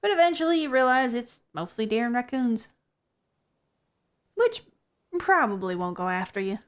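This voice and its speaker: A woman's voice: on the high side, animated, normal speed, natural voice. A woman voicing a cheerful young hiker and cryptid hunter who talks in a chatty, reassuring way.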